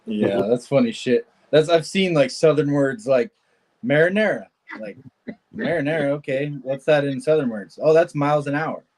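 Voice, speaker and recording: A man's voice: medium pitch, moderate pace, hardly any pauses, darkish tone, low-quality recording. A man from California with a Californian accent, hosting a livestream and chatting casually, laughing often as he tells jokey stories. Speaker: livestream host. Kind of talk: casual chat while wrenching.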